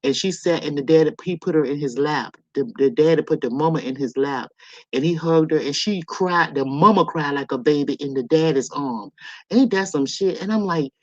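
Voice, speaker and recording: A woman's voice: sits low, moderate pace, no echo. A middle-aged woman hosting a casual livestream from home on her laptop, telling stories to her viewers in a chatty, salty way. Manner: chatty storyteller, swears, addresses viewers. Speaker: livestream host. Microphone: laptop microphone. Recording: dull lo-fi laptop audio.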